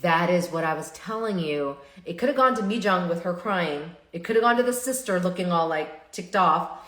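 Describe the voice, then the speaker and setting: A woman therapist hosting a live stream, talking in an animated, chatty way and often stopping to restart her sentences. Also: lowish voice, normal speed. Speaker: therapist and show host. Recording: roomy echo.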